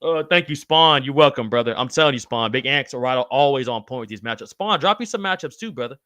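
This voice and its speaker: A man's voice: medium pitch, lively intonation, a little fast, sharp tone, dry recording. A man hosting a live show, chatting casually and reading out viewers' comments, full of slang like bro and brother. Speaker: podcast host reading live chat. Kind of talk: casual live-stream chat.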